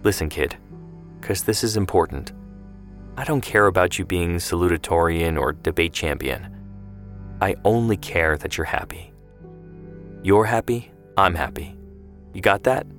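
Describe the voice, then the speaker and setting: A man reading the part of a sharp-tongued, affectionate grandfather in a story, in plain banter. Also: low voice, a little slow, long pauses, soft background music. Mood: tender. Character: feisty, teasing grandfather, older man.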